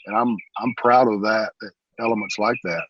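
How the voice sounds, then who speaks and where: Husky-voiced pastor talking earnestly. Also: male voice, lowish voice, steady tone, moderate pace, muffled recording. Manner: rambling, earnest, often says "man". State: emotional, holding back tears. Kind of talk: casual interview talk.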